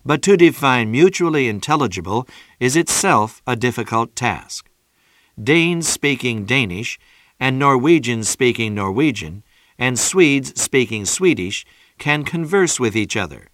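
A man narrates a textbook lesson in a steady, measured way, his voice sitting at an ordinary middle pitch. The recording is close and dry, with no room sound around him. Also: no room sound. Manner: measured, even reading of textbook prose. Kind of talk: scripted narration.

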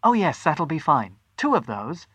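A storyteller voicing an adult housewife who keeps up a bright, cheerful manner. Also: medium pitch, sing-song, unhurried, slightly rough, dry recording, full character voice. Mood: forced bright. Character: anxious housewife, outwardly cheerful, adult woman.

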